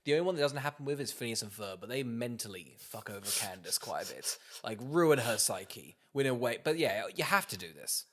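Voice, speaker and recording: A man's voice: medium pitch, lively intonation, brisk, few pauses, a bit bright. Man, podcast co-host, casual chat, jokey, acts out voices.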